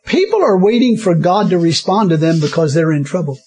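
A man's voice: sits high, animated, a little fast, few pauses, a little mellow. A man preaching a sermon, often chuckling and breaking in with hallelujahs. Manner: chuckling often, interjecting hallelujahs, repeating himself.

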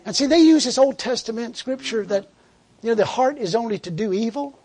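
A man's voice: very high-pitched, animated, fairly quick, crowd noise. A man preaching a sermon in a fervent, conversational way, repeating words and laughing as he tells a story.

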